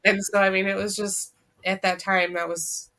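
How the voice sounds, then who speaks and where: Woman on a podcast, bright clear voice, tells her story straight and emotional, acts out what folks said. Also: mid-range voice, little pitch movement, normal speed. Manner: earnest, relives events by quoting dialogue; emotional, voice drops soft at hard moments. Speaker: guest, co-author. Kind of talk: personal storytelling in a podcast interview.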